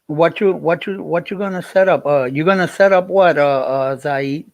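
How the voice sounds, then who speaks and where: A man's voice: a little high, normal speed, no echo, lo-fi sound. A man, livestreaming and chatting with viewers in a rambling way, repeating himself as he tells a story. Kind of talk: casual livestream chat.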